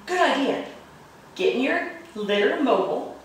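A woman reads a picture book to children in a slightly high, very animated voice, playful and expressive with roars and chuckles. She takes her time over every line. The sound is roomy and distant, with faint background noise. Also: slow. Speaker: children's librarian. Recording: echoey room from far off, faint noise.

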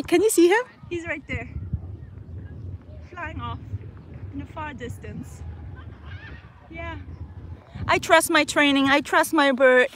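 A young woman, a parrot trainer, chatting casually on a phone live stream outdoors, cooing at her bird and exclaiming excitedly. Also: high-pitched, a little hiss or hum. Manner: animated, cooing baby talk to her bird; frequent laughter, excited exclamations. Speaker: parrot trainer, channel host. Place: outdoors in open country.

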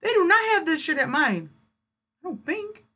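A woman's voice: sits high, sing-song, moderate pace, pushed and bright. A woman giving sarcastic, incredulous reaction commentary on a video.

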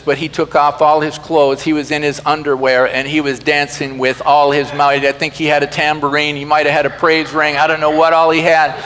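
A man preaching a lively sermon with a high, forceful voice. He mixes jokes with sudden loud emphasis. His voice rings out with a long reverb, recorded in a church. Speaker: pastor. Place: church sanctuary.

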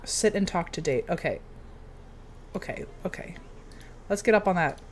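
A young woman giving casual, excitable commentary while playing a video game, cheering on her character. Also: lowish voice, fast, slight background noise. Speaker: game streamer.

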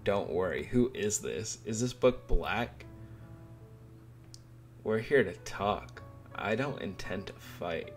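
Icy demanding woman read by a guy in his own deep voice, slow and gravelly. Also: lively intonation, soft background music. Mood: cold. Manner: read aloud from a manga, barely acted.

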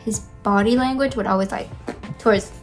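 A woman's voice: mid-range voice, a little fast, soft background music. A young woman telling a rambling, chatty story about her school days while doing her makeup, full of fillers, recorded close on a phone indoors. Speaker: vlogger.

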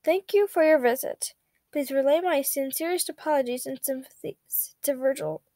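A stiff, formal young man who speaks in clipped, careful sentences, read aloud by a woman. The voice sits high and sounds dry and close. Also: moderate pace, mellow, no room sound, close to an everyday voice. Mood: formal, weary.

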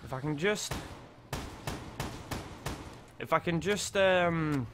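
Brief: guy in his twenties, bright, jumpy, sweary gameplay commentary. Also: on the high side, takes it slowly, slight background noise. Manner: excitable, sweary, yelps when startled. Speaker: gaming video creator.

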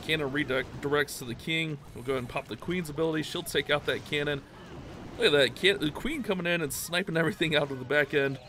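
A mid-pitched man narrates his own gameplay in a loose, rambling way, poking fun at himself between moves. He breaks into excited, higher outbursts when things go wrong. A steady background noise runs under his voice the whole time. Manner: chatty, rambling, self-mocking, excitable outbursts. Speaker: gaming YouTuber. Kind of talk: live gameplay commentary.

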